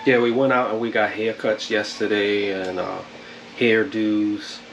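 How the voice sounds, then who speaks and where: A man hosting a casual home vlog, talking in a relaxed, rambling way with laid-back slang. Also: on the low side, measured pace, a little hiss or hum. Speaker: vlog host. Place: home indoors.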